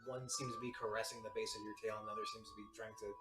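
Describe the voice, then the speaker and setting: A man running a tabletop game as game master, narrating in a relaxed, hesitant way with many fillers. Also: fairly low pitch, racing, distant mic. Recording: echoey room, voice off-mic, faint music.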